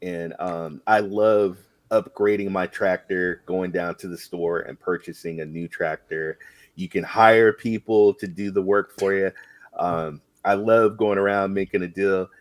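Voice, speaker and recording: A middle-aged man from North Carolina, co-hosting a gaming podcast and telling stories with excitement. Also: sits low, a little slow, no room sound. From North Carolina, USA. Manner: excitable storyteller, acts out his younger self. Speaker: podcast co-host. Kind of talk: casual banter.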